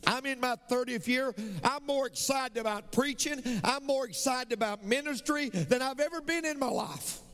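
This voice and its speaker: A man's voice: extremely high pitch, normal speed, few pauses, a bit bright, clear, resonant tone. A middle-aged man, preaching a sermon as pastor with emphatic, repetitive phrasing in a large church sanctuary. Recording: long reverb of a large church hall.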